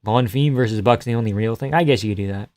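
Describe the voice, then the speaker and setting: A man's voice: lowish voice, fast, darkish tone, dry recording. A man streaming live, chatting casually and joking through a fight watch-along, reading chat aloud and swearing freely.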